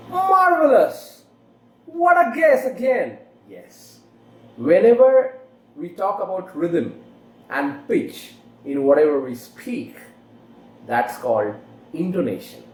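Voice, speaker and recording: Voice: mid-range voice, darkish tone. An English teacher giving an online lesson who asks the listener rhetorical questions and swings the voice in exaggerated rises and falls. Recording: roomy echo, faint background noise.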